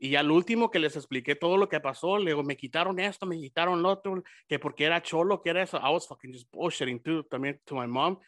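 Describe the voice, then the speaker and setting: A young man hosting a podcast, telling a profane, animated story full of quoted dialogue, casually mixing English and Spanish. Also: fairly high pitch, rapid-fire, hardly any pauses, no echo. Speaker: podcast host.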